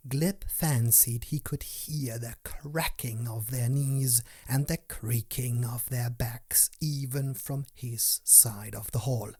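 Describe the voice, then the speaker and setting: A man narrating a storybook tale in a hushed, often whispered way. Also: medium pitch, husky. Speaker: audiobook narrator.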